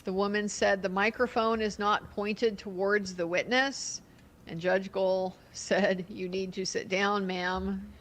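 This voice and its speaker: Slow, measured woman with faint hiss. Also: mid-range voice, level tone, a bit bright. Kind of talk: recounting courtroom events.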